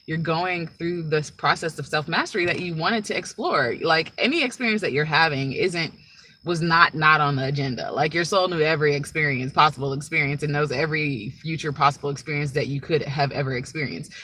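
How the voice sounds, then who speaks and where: Bright-voiced woman musing on spirituality. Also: sits low, fairly quick, a little hiss or hum, rough recording. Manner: rambling, with frequent "right?" and "like". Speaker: spiritual teacher. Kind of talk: casual spiritual monologue.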